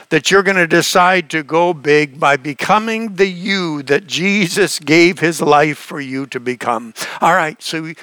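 A man's voice: a little high, sharp tone, dry recording. A man preaching a sermon, earnest and emphatic, asking the listeners questions and often restarting his phrases. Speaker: pastor.

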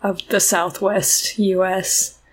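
Woman, Southern Utah accent, podcast co-host, slow unhurried delivery, frequent laughs. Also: mid-range voice, little pitch movement, husky. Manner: slow, laughing, filler-heavy. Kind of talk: casual chat.

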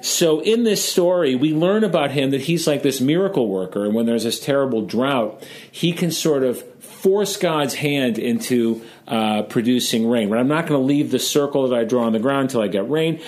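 A man's voice: mid-range voice, animated, moderate pace, a little mellow. Casual talky chicago guy, medium voice, jokes around while he explains. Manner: chatty, joking, storytelling. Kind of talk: casual discussion of Jewish texts.

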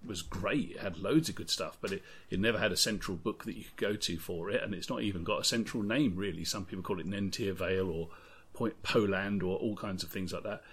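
This podcast co-host speaks briskly in a low-pitched, slightly bright voice with a breathy edge. He rambles through strong opinions on tabletop games in a casual discussion.

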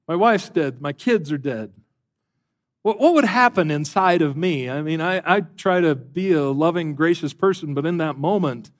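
A middle-aged man, a pastor, preaching a sermon, telling a story, acting out the people in it and building to emphatic questions. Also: sits high.

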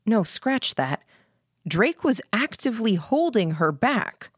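A woman reading a first-person story aloud in a steady, reflective way. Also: a little high, takes it slowly, slightly rough, no echo, studio quality. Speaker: audiobook narrator. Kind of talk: first-person scripted narration.

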